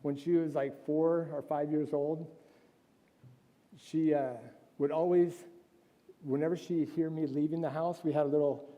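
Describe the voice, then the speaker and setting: A man's voice: on the high side, little pitch movement, unhurried, long pauses, dark tone. A man from California giving an informal Sunday school sermon, telling stories earnestly and conversationally with frequent restarts. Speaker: missionary speaker at Sunday school. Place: large echoey church room. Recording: long reverb from a hall.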